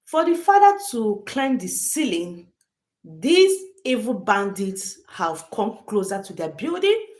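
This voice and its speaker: A woman hosting a livestream, telling a story to her chat emphatically and repeating phrases often. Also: mid-range voice. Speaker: livestream host.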